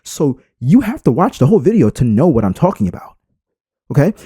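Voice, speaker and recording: A man's voice: fairly high pitch, big pitch swings, a little fast, warm tone, husky, dry recording, studio quality. A man giving an unscripted screen-recorded tutorial and talking straight to his viewers. He leans hard on emphasis and shifts his inflection on purpose. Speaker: YouTube creator.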